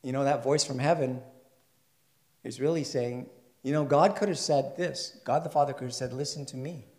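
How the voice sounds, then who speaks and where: A man's voice: medium pitch, moderate pace. Man preaching a conversational sermon in an echoey room. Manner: conversational, asks the congregation questions; builds to loud, emphatic passages. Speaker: pastor.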